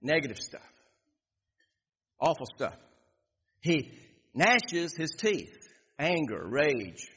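A pastor preaching a sermon, reading scripture and repeating phrases for emphasis. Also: male voice, on the high side, sing-song, slow pace, pauses often, bright, forceful tone, breathy edge. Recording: dull echoey hall.

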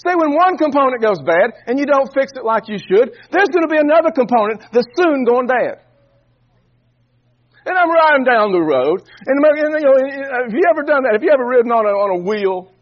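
A man's voice: very high voice, big pitch swings, a little fast, dull audio. A man preaching a sermon, telling a folksy story and often repeating and restarting words.

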